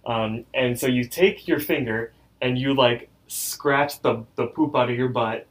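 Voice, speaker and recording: A man co-hosting a casual chat podcast at an ordinary, middle pitch. He tells long rambling stories packed with "like" fillers and keeps slipping into giggles as he goes. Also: a little slow, poor audio. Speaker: podcast co-host.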